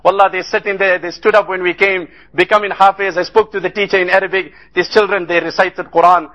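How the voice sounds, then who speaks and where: A man's voice: high-pitched, little pitch movement, a little fast, fairly bright tone, poor audio. A man giving an earnest sermon about a relief trip, telling stories and rising into impassioned appeals. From South Africa. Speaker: Islamic speaker.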